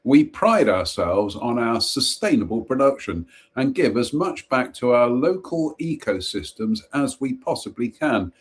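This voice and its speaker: Reading short ghost stories on a casual live stream, this male host keeps a measured pace and medium pitch with big swings in it. Occasionally he tosses in dry jokes, and any word he stumbles on he just repeats.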